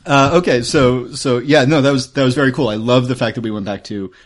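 A man's voice: mid-range voice, fairly even intonation, a little fast. Rambling man, podcast co-host. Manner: rambling, many fillers and restarts. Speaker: player and co-host. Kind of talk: post-session chat about a tabletop game.

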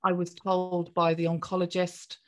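A woman, a podcast guest chatting through a personal story in a jolly, animated way. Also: on the low side, normal speed. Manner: chatty, jolly, acts out voices in quoted speech.

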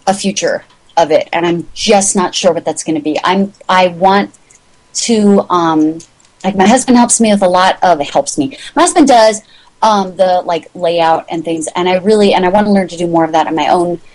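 A woman's voice: a little mellow, poor audio. A middle-aged woman telling a rambling story in an interview and acting out the voices of the people in it. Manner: chatty, rambling, acts out quoted voices with big pitch jumps. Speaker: magazine founder, guest.

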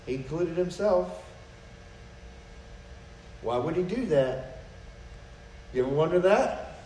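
A man's voice: fairly high pitch, expressive, slow, darkish tone. A man preaching a sermon in a conversational way, acting out quoted prayers and dialogue, recorded from a distance in a church. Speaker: pastor. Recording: roomy echo, mic from a distance, faint noise.

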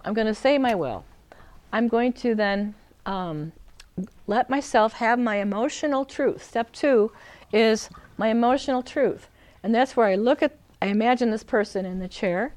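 A middle-aged woman teaching an emotional healing practice in a gentle, earnest way, acting out feelings in short quoted lines. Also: on the high side, no echo. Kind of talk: reflective teaching talk.

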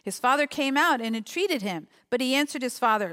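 A woman's voice: sits high, expressive, fairly quick, few pauses, fairly bright tone. A woman giving a sermon, reading a parable aloud and reflecting on it with questions to her listeners. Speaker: preacher.

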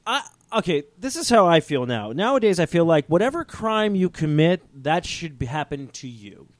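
A man co-hosting a podcast rambles through a story and cracks crude jokes. His voice sits a bit high, and the sound is dry and close to the mic. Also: very animated, normal speed, no echo. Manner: joking, rambling, crude humor. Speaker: podcast co-host. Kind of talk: casual chat.

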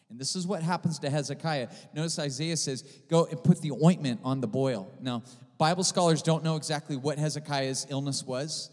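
Pastor preaching in a reverberant hall. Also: male voice, a little high. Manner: storytelling with swings from loud to hushed. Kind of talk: sermon. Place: church sanctuary.

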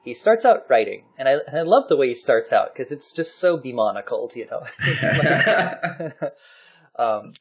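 A man hosting a casual talk, reading a historical article aloud with lively asides and laughs. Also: mid-range voice, normal speed, husky.

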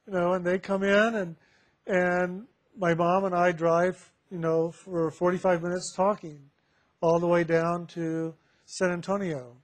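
A man telling a personal spiritual testimony to a group, halting with many fillers and restarts and laughing often. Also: high voice, little pitch movement. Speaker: member sharing with a spiritual group.

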